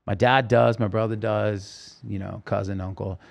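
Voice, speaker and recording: A man's voice: lowish voice, fairly even intonation, normal speed, gravelly. A middle-aged man, a singer, telling a long personal story in an interview and acting out the lines of people in it. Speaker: podcast guest, singer.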